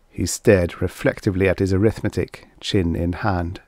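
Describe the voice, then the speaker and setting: A man reading a vintage science fiction story aloud as narrator, with animated delivery. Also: low voice, moderate pace, few pauses, dry recording. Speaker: audiobook narrator. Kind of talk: scripted narration.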